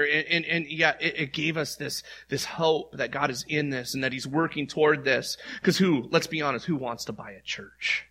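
A man's voice: a little high, moderate pace, pushed and bright. A middle-aged male pastor preaching in an earnest, conversational way, acting out heartfelt prayers aloud. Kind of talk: sermon.

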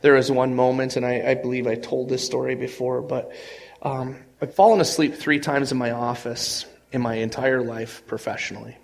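A male pastor giving a conversational sermon, telling stories earnestly with frequent restarts and swings in loudness. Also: mid-range voice, flat delivery, moderate pace, gravelly.

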